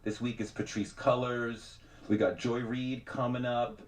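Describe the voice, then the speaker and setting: A middle-aged man telling stories as a guest on a radio show, animated and quick to act out the people he quotes. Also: mid-range voice. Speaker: podcast host and journalist guest. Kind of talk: radio interview conversation.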